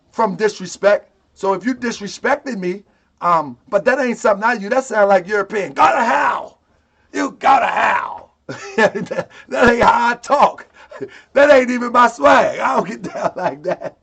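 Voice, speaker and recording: A man with a very high speaking voice, talking in a loose, slangy livestream rant. He is emphatic and laughs often as he addresses his temple's followers. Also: vocal fry, a bit bright.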